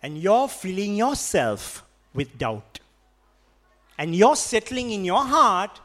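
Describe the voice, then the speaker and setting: A man with a Sri Lankan accent delivers a sermon in a notably high voice for a man. He presses his points hard and repeats them, slipping into Sinhala now and then. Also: big pitch swings, slow, fairly bright tone. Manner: emphatic and repetitive, switching between English and Sinhala. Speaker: preacher.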